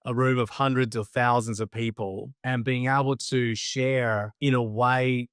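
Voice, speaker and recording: A man's voice: mid-range voice, steady tone, measured pace, a bit bright, clean tone, no room sound, clean studio sound. A young adult man, a speaker and coach, talking as a podcast guest in a reflective, earnest way and often restarting his phrases. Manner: reflective, earnest, repeats himself while thinking. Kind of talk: conversational interview.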